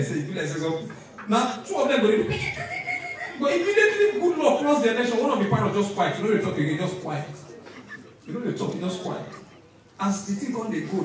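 A man's voice: sits high, noisy background. A Nigerian man hosting an event, telling comic stories to a crowd and switching into pidgin and Yoruba as he goes. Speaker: event host. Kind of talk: comedic storytelling to a crowd. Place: event hall. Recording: echoey hall from far off.

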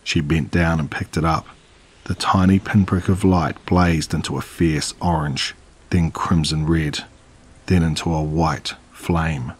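Male horror narrator, low, husky voice, dramatic delivery. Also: fairly even intonation, unhurried.

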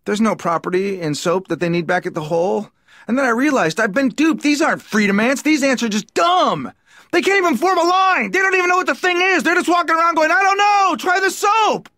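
A high, excitable ranting comedian. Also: male voice, brisk, no echo, clean studio sound, full character voice. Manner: excitable, ranting, jumps into high-pitched voices. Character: excitable male comedian patient. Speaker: patient. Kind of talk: stand-up comedy monologue.

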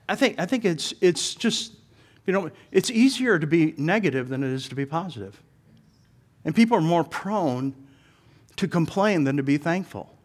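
A middle-aged man preaching a sermon in a church, telling funny stories with lively acted-out voices and laughter. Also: medium pitch. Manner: animated storyteller, laughs while telling, acts out voices. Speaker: pastor. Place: church sanctuary.

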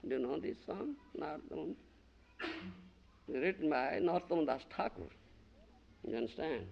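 A man's voice: on the high side, expressive, unhurried, creaky, highs cut off, a little hiss or hum. A man from India giving a devotional lecture, emphatic and questioning, often asking his listeners if they understand and chanting verses, in a 1990 archive recording. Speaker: spiritual teacher giving a lecture. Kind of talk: devotional lecture to a small gathering.

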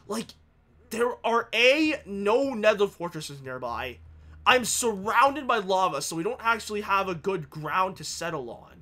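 A man's voice: high-pitched, pushed and bright. A young man commentating his own game, jittery and panicky, repeating phrases and yelping. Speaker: gaming YouTuber. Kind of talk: Let's Play commentary.

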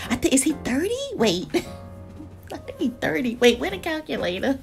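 A woman, chatting casually about deals in a lively vlog, with lots of exclaiming and laughing. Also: high voice, moderate pace, soft background music. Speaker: deals vlogger. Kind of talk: casual live chat.

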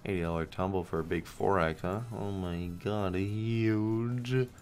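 A man's voice: low-pitched, fairly even intonation, a little slow, darkish tone. A young man streaming slot games, talking casually to the game and his viewers, swearing, pleading and sarcastic. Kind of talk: casual gambling stream commentary.

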